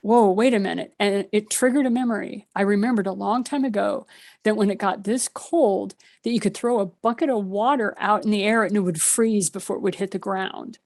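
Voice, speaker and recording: A woman's voice: mid-range voice, steady tone, brisk, a little mellow. A middle-aged woman, a guest on a video call, telling personal stories with lots of laughter and acting out her own thoughts. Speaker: guest, spiritual author. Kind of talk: conversational storytelling.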